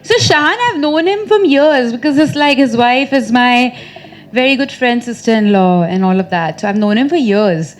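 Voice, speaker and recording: Woman, 30s, actress at a press conference; casual, talkative, fairly high voice. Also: normal speed. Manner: chatty, laughs often, teasing.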